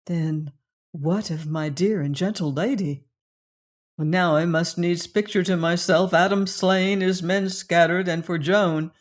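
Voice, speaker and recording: An audiobook narrator reading a classic adventure novel in a slow, measured, old-fashioned storytelling manner. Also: mid-range voice.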